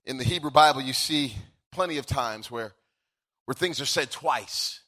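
A man's voice: mid-range voice, normal speed, pushed and bright. A male pastor preaching a sermon, swelling into sung-out, emphatic lines and then easing back into conversational asides.

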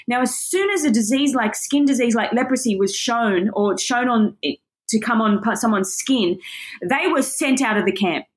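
An earnest woman teaches from scripture in a fairly high voice. She is emotional and close to tears, and her words carry deep feeling. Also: normal speed. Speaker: Bible teacher. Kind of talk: teaching on a Bible passage.

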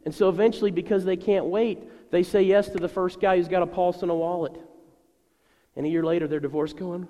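A man preaching a sermon to a congregation, animated and acting out the voices he quotes. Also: sits high, fairly quick, big-room sound, dull audio. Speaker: pastor.

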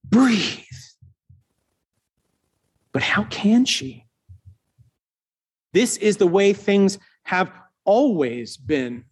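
A male preacher retelling a scripture story as a slow, dramatic sermon with long pauses. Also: high-pitched, sing-song, slightly rough.

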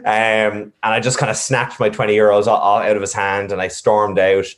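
A man's voice: fairly low pitch, normal speed, few pauses. A man reflectively telling a personal story, with many fillers and restarts. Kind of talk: casual storytelling.

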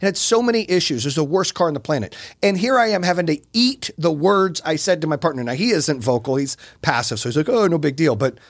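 Brash man, 40s, podcast guest; lively, quick, higher-pitched storyteller, dry close sound. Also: dry recording. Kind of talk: casual podcast chat.

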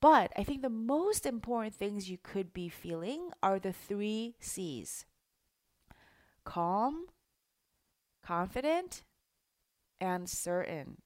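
A woman's voice: medium pitch, very animated, slow pace, pauses often, darkish tone, dry recording, studio quality. Bubbly, emphatic woman coach. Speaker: life coach. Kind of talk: teaching monologue.

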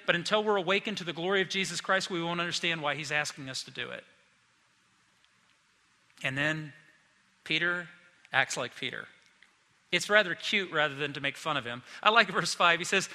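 A middle-aged male pastor giving an animated sermon, acting out the disciples in quick asides. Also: fairly high pitch, long reverb tail.

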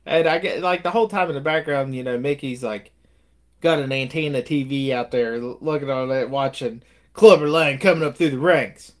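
A man's voice: medium pitch, moderate pace. A man co-hosting a podcast, casually reviewing films and acting out scenes with laughs. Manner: animated retelling, acting out movie lines with laughs. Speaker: podcast co-host. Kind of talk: casual movie review chat.

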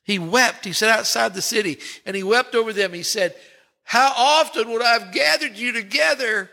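A male pastor preaching a sermon, lingering on words with dramatic pauses and rising swells. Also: high-pitched, sharp tone.

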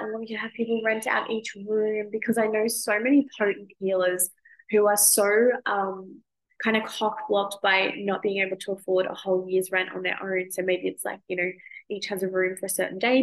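A woman in her thirties with an Australian accent, hosting a podcast in a chatty, expressive way and swearing casually. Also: medium pitch, vocal fry, rough recording. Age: 30s. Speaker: podcast host. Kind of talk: casual monologue.

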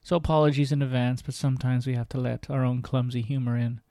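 Earnest male host reading his memoir, even delivery, dry close sound. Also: mid-range voice, fast talker, no room sound. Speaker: podcast host.

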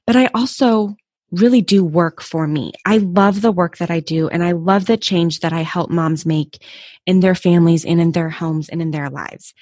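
A woman in her thirties speaks in a fairly low voice, hosting a motivational podcast. She talks in a candid, personal and encouraging way. The sound is dry and close to the mic, with no room around it. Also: moderate pace, a little mellow, no echo. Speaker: podcast host. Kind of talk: motivational solo podcast talk.

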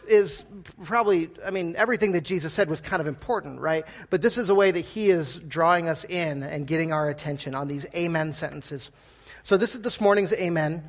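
Man, pastor, church sermon, conversational, gently humorous, slightly higher voice. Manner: conversational, asks the congregation questions with gentle humor. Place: church sanctuary.

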